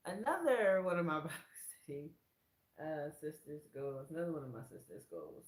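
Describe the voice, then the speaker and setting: A woman sharing a faith testimony from her room in casual, excited storytelling. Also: moderate pace, roomy sound. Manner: excited storyteller who acts out quoted lines in a much higher voice. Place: her own room, indoors.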